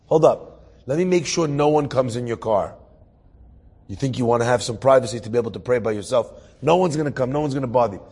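A man's voice: mid-range voice, a little mellow, husky, lightly acted. A man voicing God in a breezy, conversational way, reassuring a worried boy.

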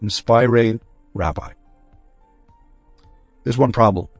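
A man, a rabbi, telling a story in a lively way and acting out the characters' voices. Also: medium pitch, slow, vocal fry, no echo, soft background music. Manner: animated, acts out quoted voices.

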